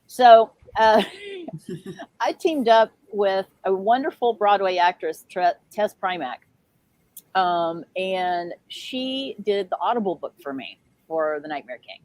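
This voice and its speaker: A woman's voice: medium pitch, animated, takes it slowly, darkish tone, dry recording. A middle-aged woman, a children's author, chatting casually on a video call from a small RV, with lots of fillers and laughs. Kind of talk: casual livestream chat. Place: small RV with pets.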